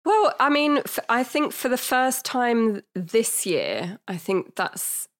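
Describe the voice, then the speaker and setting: A woman's voice: fairly high pitch, very animated, slow. A woman with a northern English accent, a podcast guest who speaks candidly and rambles, swearing and laughing through grim subjects. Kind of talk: casual conversational interview.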